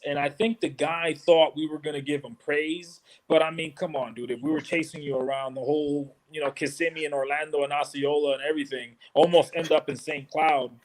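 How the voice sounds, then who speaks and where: A man co-hosting a casual car podcast, brash and boastful in a laid-back way. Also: a little high. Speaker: co-host.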